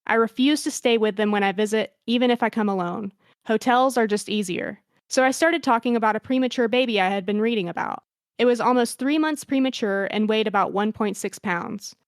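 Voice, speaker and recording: A woman's voice: on the high side, brisk, no room sound. A young woman hosting a podcast, reading a listener's story aloud and then chatting, wry and self-mocking. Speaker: podcast host.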